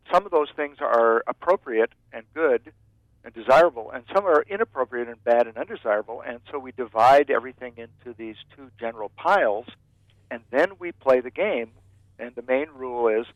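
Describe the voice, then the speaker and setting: Guest guy phoning in, calm and explaining, middle pitch, dry sound. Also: no room sound, muffled recording. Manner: measured, explanatory. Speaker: guest expert. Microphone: calling in from outside.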